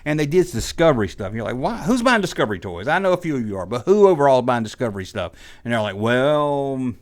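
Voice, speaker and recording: Brief: man, rambling exasperated rant, mid-pitched everyday voice. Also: expressive, fast talker, darkish tone. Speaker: toy collector YouTuber. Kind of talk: ranting monologue. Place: indoors, audio only.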